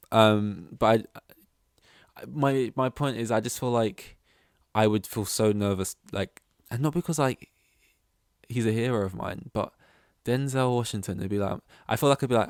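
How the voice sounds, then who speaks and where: A man with a lowish voice rambles through a solo podcast episode and pokes fun at himself. He swears casually as he talks. The sound is dry and close. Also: a little mellow, no echo. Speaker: podcast host.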